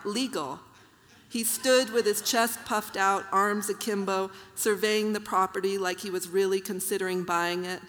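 A woman author reading her own prose aloud at a literary reading, measured and even, with soft fillers between passages. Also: lowish voice. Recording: long hall reverb.

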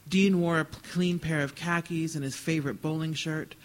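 Man reading fiction aloud, voice pitched fairly high. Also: steady tone, moderate pace, rough recording. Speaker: author reading. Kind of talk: live reading of literary fiction.

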